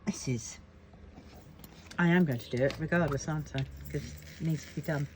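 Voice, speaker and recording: Lady with a low voice rambling to her camera at home, lots of ums, faint typing in the background. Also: normal speed, a little hiss or hum. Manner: chatty, rambling, thinking aloud with many fillers. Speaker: crafting vlogger. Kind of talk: casual chat to camera.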